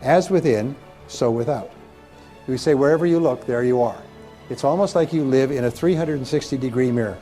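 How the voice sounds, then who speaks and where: A man's voice: medium pitch, brisk, warm tone, faint music behind. A man giving a motivational seminar talk to a live audience, emphatic and repetitive, leading them in call-and-response. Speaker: motivational speaker.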